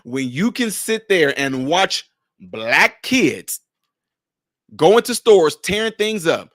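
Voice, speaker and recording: A man's voice: on the high side, big pitch swings, slow, fairly bright tone, dry recording, clean studio sound. A man delivering a confrontational commentary rant, scolding and sarcastic, hammering rhetorical questions. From Chicago area.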